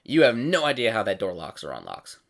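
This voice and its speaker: A man with a low voice runs a tabletop game, narrating in a loose, easygoing way. His pitch swings widely as he describes scenes and asks for checks, and his speech is full of casual fillers. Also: huge pitch swings, fairly quick, gravelly. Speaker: game master.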